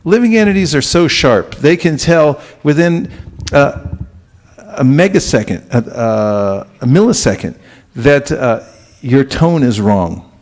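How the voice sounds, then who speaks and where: A man's voice: mid-range voice, expressive, a little slow. A man giving a spiritual lecture to a live audience, talking conversationally and often putting questions to the listeners. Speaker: spiritual teacher.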